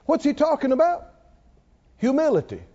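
A man preaches to his congregation in an extremely high, warm voice, very animated and at normal speed, with the call-and-response exchange captured muffled in a big-room space. He keeps throwing questions at them and pushing hard with an emphatic, chuckling style.

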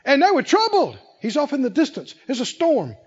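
A male preacher giving a sermon to a congregation, animated and playful, often laughing and acting out scenes. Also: extremely high pitch, a little fast, dull audio. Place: church service with congregation.

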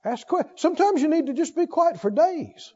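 A man preaching a sermon, emphatic, swinging from loud exhortation to hushed intensity. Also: extremely high pitch, animated, moderate pace. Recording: dull lo-fi sermon recording.

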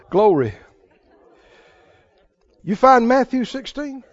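A man's voice: extremely high pitch, no echo. A man preaching a sermon, emphatic and quizzing the congregation, with laughing asides. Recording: dull dry sound.

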